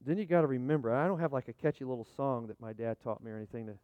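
Talking very fast in a mid-range voice, a middle-aged pastor gives a chatty, folksy sermon with props, full of restarts, asides, jokes with the congregation, and calls for amens. The recording is dry, with narrow, tinny audio.

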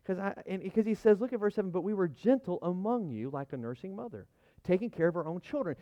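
A male pastor delivers a sermon in a casual, animated voice that sits a touch higher than most men's. He repeats phrases as he builds toward his points. The recording sounds dull and lo-fi. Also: fast. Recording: muffled lo-fi sound.

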